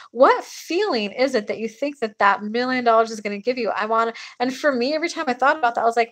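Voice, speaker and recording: A young woman with a slightly high voice talks to her livestream viewers in a casual, animated way. She is blunt and swears without a second thought. She reads out their comments and answers them as she goes. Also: quick pace, few pauses. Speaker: spiritual channel host.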